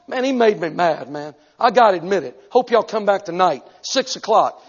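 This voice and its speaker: A man preaching a sermon as an evangelist, telling a story animatedly and breaking into sudden shouts. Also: high-pitched, expressive, normal speed, few pauses, husky. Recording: echoey hall, dull lo-fi sound.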